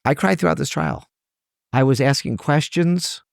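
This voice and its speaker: A man's voice: on the high side, normal speed, gravelly, no room sound, clean studio sound. A man, a trial lawyer guest on a podcast interview, speaking earnestly and emotionally, his voice rising when he stresses a point.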